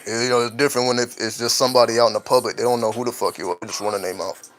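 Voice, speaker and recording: A man's voice: medium pitch, steady tone, rapid-fire, a bit bright, soft background music, poor audio. A man hosting a late-night talk show, musing openly as a father in a loose, profane monologue that keeps checking in with "right?". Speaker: podcast host.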